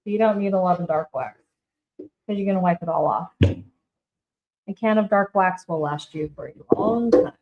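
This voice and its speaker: A woman's voice: fairly low pitch, unhurried, pauses often, narrow, tinny audio. Chatty woman hosting a live crafting demo. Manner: chatty, upbeat, talks straight to viewers and calls them by name. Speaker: shop owner hosting a live DIY demo. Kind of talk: casual live crafting demonstration.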